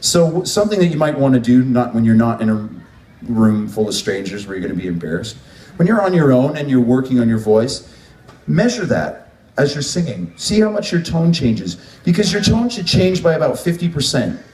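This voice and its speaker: A man's voice: mid-range voice, very animated, fairly quick, darkish tone, distant mic. A man running a vocal workshop at a music event, explaining breathing and resonance to a group. He demonstrates sounds as he goes. The room is echoey and he stands some way from the mic. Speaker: vocal coach.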